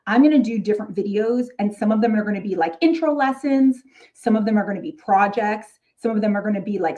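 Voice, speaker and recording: A woman's voice: mid-range voice, warm tone. A woman with a New York accent, a middle school marketing teacher hosting her channel, chatting casually with fellow teachers. She keeps checking in with "okay?" and drops wry, joking asides.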